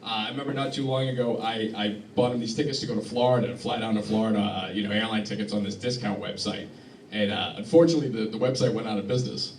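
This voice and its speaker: A man performing a deadpan stand-up set in a club, halting and restarting often, recorded by a phone in the crowd. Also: lowish voice, echoey room, recorded from a distance, a little hiss or hum. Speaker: stand-up comedian. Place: club hall with live audience laughing.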